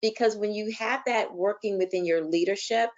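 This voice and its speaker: A woman's voice: mid-range voice, normal speed. A woman panelist speaking earnestly and steadily in a webinar discussion over a video call. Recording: dull lo-fi call audio.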